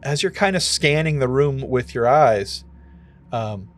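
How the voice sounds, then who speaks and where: Narrating as the game master of a tabletop session, this man keeps things easygoing, often using fillers. He talks without rushing, in a mid-range voice.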